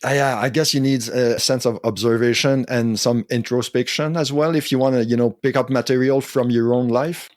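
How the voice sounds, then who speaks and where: A man hosting a podcast, asking interview questions in a measured, thoughtful way. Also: medium pitch, fairly even intonation, no echo, studio quality. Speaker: podcast host.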